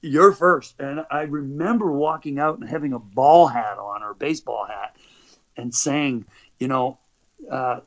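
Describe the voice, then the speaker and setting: A middle-aged Canadian man telling rambling stories as an interview guest, with frequent restarts. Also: mid-range voice. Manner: rambling, animated anecdotes with frequent restarts and laughs. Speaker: guest, motivational speaker and former athlete. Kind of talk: conversational storytelling. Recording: dull lo-fi recording.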